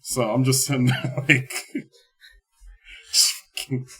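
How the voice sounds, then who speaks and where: A man's voice: medium pitch, little pitch movement, slow, fairly bright tone, breathy edge. A man co-hosting a podcast, telling a rambling story in casual chat, swearing freely and laughing as he goes. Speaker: podcast co-host.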